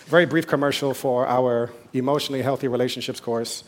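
A man preaching a sermon as pastor, talking in a conversational way with asides and quick quoted voices. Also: medium pitch, fairly even intonation.

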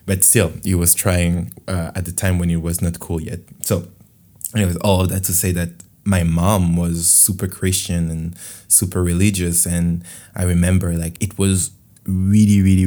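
A man's voice: sits low, level tone, normal speed, dark tone. A man from France with a French accent, hosting a casual podcast monologue in a rambling, candid way. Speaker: podcast host.

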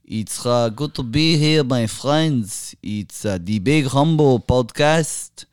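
A man doing a put-on Israeli accent, playing a grandiose figure who praises a podcast like a prophet in a slow, preachy way. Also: medium pitch, clean tone, no echo, studio quality, lightly acted. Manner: slow, drawn-out and preachy, rising into sing-song. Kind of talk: comedic impression on a podcast.

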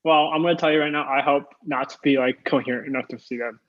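A man's voice: mid-range voice, steady tone, fast talker, muffled recording. A man in his twenties in a casual chat, blunt and dismissive, firing off short quips. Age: 20s. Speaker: podcast co-host.

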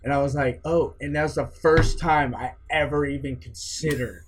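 A man's voice: medium pitch, fairly even intonation, normal speed, over a noisy crowd. A man in his twenties co-hosting a casual podcast, laid-back and swearing as he tells stories. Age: 20s. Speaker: podcast co-host.

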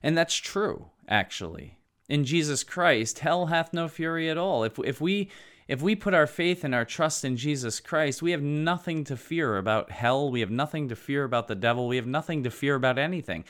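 A man preaching a sermon, earnest and emphatic, with halting asides. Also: on the high side, lively intonation, a bit bright.

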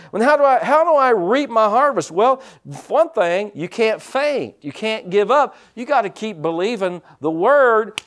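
A man pastor preaching a sermon in a conversational way, dropping in frequent amens and moving between quiet asides and louder emphatic points. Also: high-pitched.

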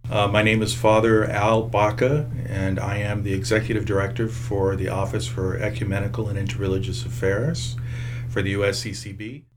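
Deep-voiced earnest priest recalling his family. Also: steady tone, noisy background. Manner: earnest, measured, with hesitant fillers. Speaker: priest and church office director. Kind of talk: reflective interview recollection.

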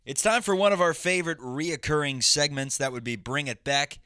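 Deadpan young man, bright podcast voice. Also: on the high side, moderate pace, smooth, dry recording, studio quality. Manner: deadpan, storytelling with silly put-on voices. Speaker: podcast co-host. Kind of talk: casual comedic chat.

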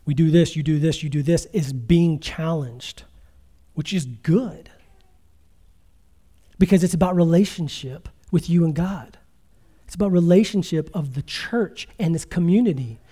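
A man's voice: on the high side, warm tone. A middle-aged man preaching a conversational sermon as pastor, telling stories with quoted asides.

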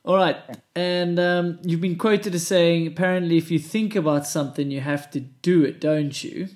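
A man's voice: fairly high pitch, steady tone, moderate pace, a little mellow. Amused man asking questions. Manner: amused, laughs along. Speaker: interviewer. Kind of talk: casual interview questions.

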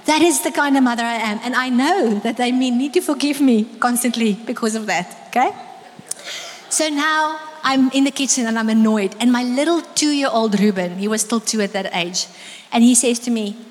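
Lively South African woman preaching in a hall. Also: a little high, brisk. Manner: lively storytelling, switching into Afrikaans. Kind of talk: sermon. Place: church hall.

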